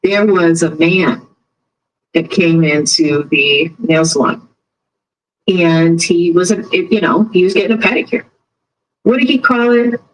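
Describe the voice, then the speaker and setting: Her voice fairly low, this woman speaks at a measured pace with frequent pauses, and the audio is poor. Covering a trial on a casual live stream, she's a chatty storyteller who chats with viewers and performs the voices of those she quotes.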